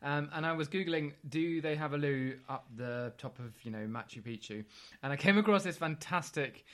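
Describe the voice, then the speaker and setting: A man co-hosting a casual podcast, chatty and jokey, telling stories with animated asides. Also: a little high, moderate pace. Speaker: podcast co-host.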